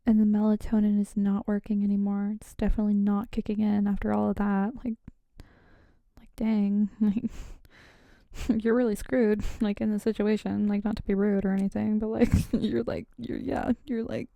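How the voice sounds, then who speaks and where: A woman's voice: medium pitch, level tone, moderate pace, creaky, mellow, dry recording. A woman telling a scary story in a whispered role-play, rambling and giggly with lots of fillers, close to the mic.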